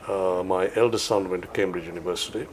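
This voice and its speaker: In an interview, a veteran cricket commentator from Sri Lanka, now older, shares memories at a leisurely pace, telling stories as he goes. He speaks in a low voice, and there's a little hiss or hum on the audio.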